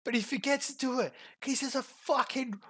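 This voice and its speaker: A woman's voice: high voice, a bit bright, breathy edge. A woman streamer giving a profane, mocking reaction commentary to a clip. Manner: profane, fast mocking rants.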